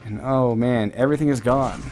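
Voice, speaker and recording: A man calls a live video game match play by play, in a middle-pitched voice. He rambles and jokes, wandering off on tangents. Faint noise hums behind him. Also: fairly quick, a little mellow. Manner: rambling, jokey, goes off on tangents. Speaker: esports caster.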